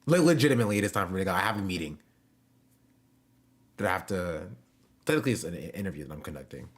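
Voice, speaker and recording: A young man talks to his stream chat from home in a low, easy voice. He jokes around, tosses in slang, and drifts between topics with plenty of fillers. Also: animated, very fast. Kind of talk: casual live-stream chat.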